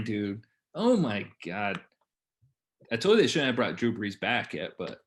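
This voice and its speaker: Lively young man swearing freely. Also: on the low side, moderate pace. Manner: animated, profane storytelling. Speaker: podcast co-host. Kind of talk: casual chat.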